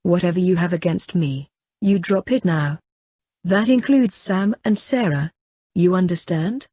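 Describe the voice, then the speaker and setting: A woman voicing a tough teenage boy who speaks low, firm and menacing in an audiobook. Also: a little slow, warm tone, dry recording, clean studio sound. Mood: threatening. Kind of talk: audiobook character voice.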